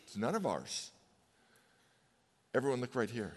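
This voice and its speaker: A man in his fifties preaching a sermon as a pastor, conversational, telling personal stories and slowing down for emphatic pauses. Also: medium pitch, sing-song, husky. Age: 50s. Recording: long hall reverb.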